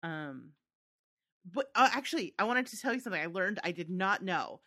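A woman's voice: medium pitch, animated, moderate pace, sharp tone. A woman co-hosting a podcast, chatting in an easygoing way with lots of filler words. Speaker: podcast co-host. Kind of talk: casual chat about a TV adaptation.

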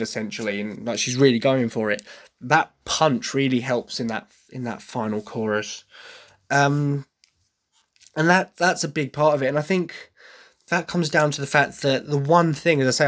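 An Englishman talks at length about a musical he loves. He rambles, restarts his sentences and keeps adding apologetic asides. His voice sits in a plain middle pitch. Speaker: podcast host reviewing a musical. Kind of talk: casual opinion monologue.

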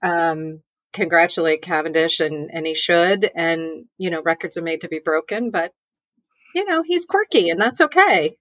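A woman guest on a podcast panel chat who talks in a measured way and lays out context. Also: fairly low pitch, lively intonation, a bit bright, dry recording, muffled recording.

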